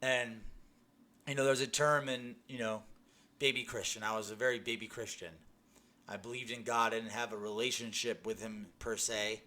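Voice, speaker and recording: A man's voice: fairly low pitch, flat delivery, moderate pace, sharp tone. A young man giving a personal faith testimony, telling his story earnestly with many restarts and "you know"s. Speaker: testimony speaker.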